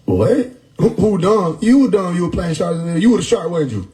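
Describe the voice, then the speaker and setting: A man hosting a live stream, riffing loudly on chat comments with frequent laughter and profanity. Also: sits high, sing-song, moderate pace, rough recording. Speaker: livestream host reading chat. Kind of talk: casual livestream chat. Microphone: phone or desktop mic on a live stream.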